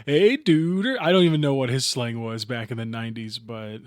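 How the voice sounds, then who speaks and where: A man's voice: medium pitch, brisk, smooth, no room sound, studio quality. A man co-hosting a podcast, talking in a goofy, playful, casual way. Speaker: podcast co-host. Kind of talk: casual chat.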